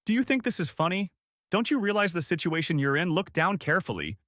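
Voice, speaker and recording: A man doing a harsh shouting manager. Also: sits high, expressive, fast, dry recording, clean studio sound, pitched above the performer's own voice. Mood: furious. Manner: shouting, scolding. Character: harsh bullying middle-aged male office manager.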